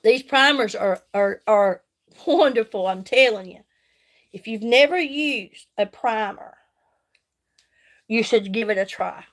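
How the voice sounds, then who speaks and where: During a live makeup stream, a folksy middle-aged woman with a drawl talks into her phone. Her voice is a little high, and she speaks slowly with frequent pauses. Between steps she chats warmly with viewers, calling them by name.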